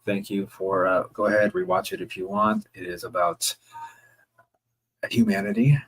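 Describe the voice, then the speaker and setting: Gravelly, husky-voiced man reading chat. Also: on the low side, sing-song, normal speed, low-quality recording. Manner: casual, joking, with occasional swearing. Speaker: livestreamer. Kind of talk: reading viewer chat aloud on a livestream.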